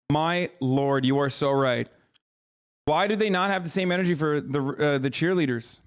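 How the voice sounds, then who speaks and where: Male streamer, 30s, casual profane commentary, mocking and disbelieving, slightly raised pitch. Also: normal speed, clean tone. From United States. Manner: incredulous, mocking, loose and profane. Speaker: streamer reacting to a clip.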